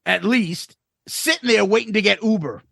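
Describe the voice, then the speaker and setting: A man's voice: high voice, normal speed, gravelly, bright, forceful tone, dry recording, clean studio sound. A man in his forties co-hosting a podcast, chatting in a laid-back, profane way. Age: 40s. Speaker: podcast co-host. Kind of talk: casual podcast chat.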